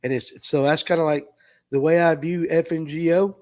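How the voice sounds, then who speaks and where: A man's voice: a little high, fairly even intonation, moderate pace, darkish tone. A middle-aged man, a tackle shop owner on a livestream, talking earnestly and emotionally, repeating himself and near tears. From US South. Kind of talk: heartfelt casual livestream talk. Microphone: streaming mic.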